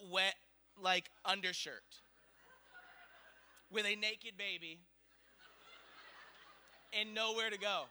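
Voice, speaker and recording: Male pastor, 30s, high and piercingly bright voice, rambling animated storyteller. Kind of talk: storytelling sermon.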